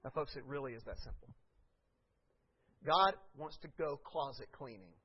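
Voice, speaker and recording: A man preaching a sermon as pastor, swinging from hushed asides to shouted peaks. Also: mid-range voice, normal speed, husky. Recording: dull lo-fi recording.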